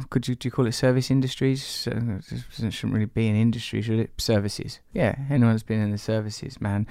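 A man's voice: lowish voice, darkish tone, clear, resonant tone, no room sound, clean studio sound. A man hosting a podcast, reading listener emails and answering in a rambling, playful, chatty way. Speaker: podcast host.

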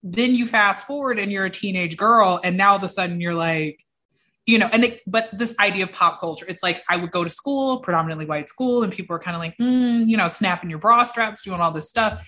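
Bright, lively young woman telling stories. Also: medium pitch, fairly quick. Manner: acts out quoted voices, lively. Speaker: interview guest. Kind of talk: animated storytelling.

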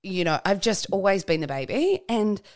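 Casting: young woman podcast host, animated pitch, casual and chatty. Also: normal speed. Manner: lively, laughs often, asks short questions. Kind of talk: casual interview chat.

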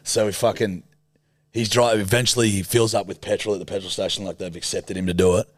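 A young Australian man, a podcast co-host, telling a sweary, animated story in casual chat. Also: on the low side, fast talker, no room sound.

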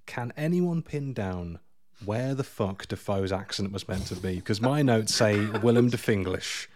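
A man co-hosts a casual film podcast in a low voice. He talks wryly, with rambling asides and self-corrections. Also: a little slow, a little mellow. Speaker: podcast co-host.

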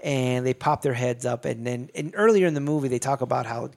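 A man talks through a film's plot in loose, casual chat. His pitch sits in a middling range, and his delivery rambles with lots of swearing and false starts. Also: fairly quick, gravelly, a little mellow. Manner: rambling, profane storytelling with many restarts. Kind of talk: casual movie recap chat.

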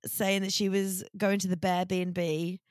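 A woman's voice: mid-range voice, little pitch movement, normal speed, no room sound, clean studio sound. A woman co-hosting a podcast in casual chat, chatty and swearing freely. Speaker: podcast co-host.

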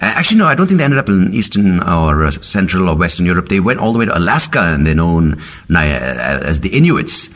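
Deep-voiced punning podcast man. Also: sing-song, fast, a bit bright. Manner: rambling, punning, jumps into silly voices. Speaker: podcast host. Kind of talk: comedic monologue.

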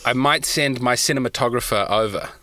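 A man, chatting casually on a podcast from inside his car, quick and jokey. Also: mid-range voice, bright, forceful tone, dry recording. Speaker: podcast co-host. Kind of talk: casual chat.

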